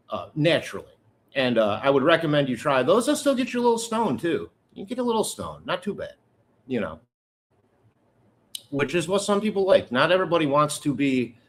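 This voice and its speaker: A middle-aged man hosts a loose live catch-up with his viewers. His voice sits at an ordinary pitch but swings up and down a lot. He talks in a candid, rambling way and throws in joking asides. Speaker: livestream host. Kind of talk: casual live chat with viewers.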